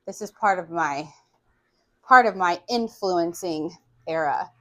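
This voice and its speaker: Slow and lowish, this woman's voice carries no room sound. In her forties, she chats on a vlog in a frank, casual manner, swearing often and using lots of fillers.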